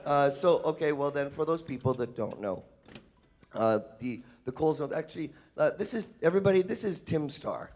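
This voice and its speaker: A man's voice: a little high, expressive, normal speed, a little mellow. A man talking to a convention panel audience, emotional and laughing, chatting with the crowd. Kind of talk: live convention panel talk.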